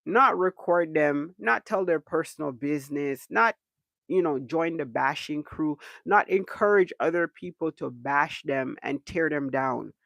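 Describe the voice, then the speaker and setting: A man's voice: fairly high pitch, measured pace, creaky, fairly bright tone, no room sound. A man hosting a livestream, ranting in a casual, exasperated and emphatic way, often repeating himself. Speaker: livestream host.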